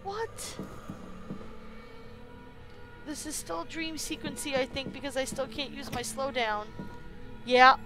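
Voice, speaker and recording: Young woman, horror game streamer, high voice, jumpy and profane. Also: normal speed, music in the background. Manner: frightened, swearing, cries out often. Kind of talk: live horror game commentary.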